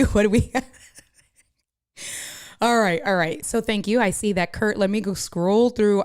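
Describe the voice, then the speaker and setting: A woman's voice: medium pitch, clean tone. A woman live streamer chatting casually from her home setup, reacting to viewer comments and laughing often. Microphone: desk streaming mic through a mixer.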